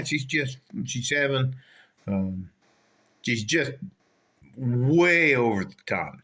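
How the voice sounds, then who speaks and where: An older man tells a long, digressive story, swearing freely and losing his thread. He talks slowly and deliberately. His voice has a bright, tense edge. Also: medium pitch, lively intonation. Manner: profane, rambling, digressive. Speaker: vlogger. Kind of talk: rambling storytelling rant.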